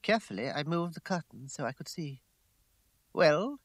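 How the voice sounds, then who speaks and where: A man giving a measured, dramatic first-person audiobook narration. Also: on the high side, lively intonation, breathy edge, no echo. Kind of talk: scripted narration.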